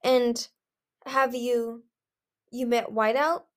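A woman's voice: a little high, little pitch movement, extremely slow. A woman voicing an anxious young female dragon who can see the future, reading her tense, worried thoughts aloud. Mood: polite.

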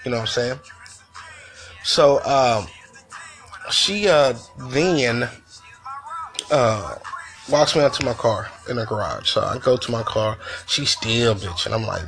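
Gravelly man venting casually. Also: medium pitch, lively intonation, slow pace, long pauses, a bit bright, soft background music. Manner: profane, conversational, loose storytelling. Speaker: podcast host.

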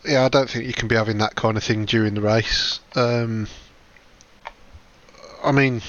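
A man's voice: mid-range voice, fairly even intonation, moderate pace, fairly bright tone, lo-fi sound. A man in a casual panel discussion, speaking with exasperated wit.

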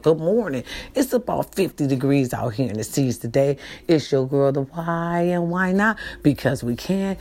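A woman's voice: deep voice, lively intonation, normal speed, hardly any pauses. A middle-aged woman vlogging in a casual, half-whispered voice, repeating herself and pleading with her viewers, calling them y'all. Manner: half-whispering, soft-spoken. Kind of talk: casual morning vlog talk.

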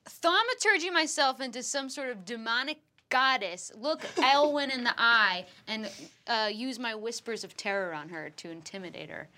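A woman's voice: fairly high pitch, animated, normal speed, sharp tone. A woman playing a tabletop game who talks in a giggly, playful way. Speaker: player.

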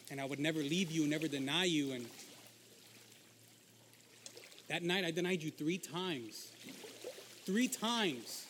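A man playing the disciple Peter, an impulsive fisherman who talks loudly and emotionally. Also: on the high side, slight background noise, natural voice. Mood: remorseful. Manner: excitable, loud, emotional storyteller. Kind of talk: Christian skit acting.

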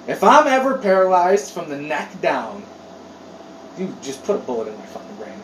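Animated, cursing man in an echoey room. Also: fairly high pitch, moderate pace. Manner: animated, profane, rambling storyteller. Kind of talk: casual chat. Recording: roomy echo, distant mic, faint noise.

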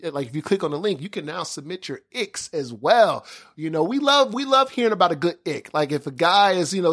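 A man's voice: on the high side, fairly bright tone. A man hosting a podcast in a casual, chatty way, loose and playful, laughing easily and filling his talk with "like" and "you know". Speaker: podcast host.

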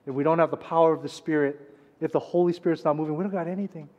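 High-voiced man preaching. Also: fairly even intonation, racing, lo-fi sound. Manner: preaching with dramatic swings between loud and hushed. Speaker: pastor. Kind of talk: sermon. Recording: long reverb of a large hall.

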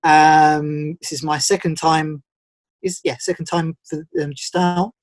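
A man from England with an English accent, reading his own rhyming poems aloud on a video call, with a steady rhythmic delivery. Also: fairly high pitch, unhurried, no echo. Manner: rhythmic rhyming recital, shifting from solemn to playful. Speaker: poet at an online open mic. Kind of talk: spoken word poetry reading.

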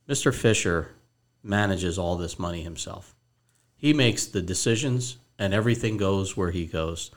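A man's voice: deep voice, normal speed. A man hosting a podcast as a financial advisor, telling a story casually and acting out both sides of a phone call.

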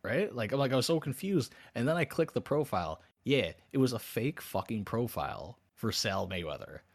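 A man's voice: mid-range voice, moderate pace. A man co-hosting a podcast, telling a story in casual chat, swearing freely and acting out both sides of a conversation. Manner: animated, profane, acts out both sides of chats. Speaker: podcast co-host.

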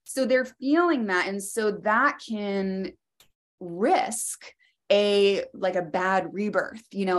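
A woman guest in an interview, telling a personal story in a reflective way, with loose phrasing and many fillers. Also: lowish voice.

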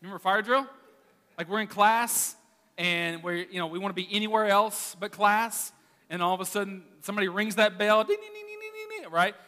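High, bright-voiced pastor preaching in a hall. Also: male voice, moderate pace. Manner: animated, conversational preaching with storytelling. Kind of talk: sermon. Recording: reverberant hall.

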